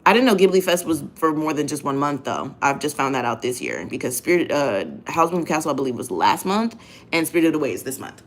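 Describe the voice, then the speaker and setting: A woman with a somewhat low voice talks straight to her listeners in a casual monologue. She is blunt and profane and hammers her points home by repeating phrases. She sounds like she is speaking from home. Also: expressive, a little fast. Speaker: host.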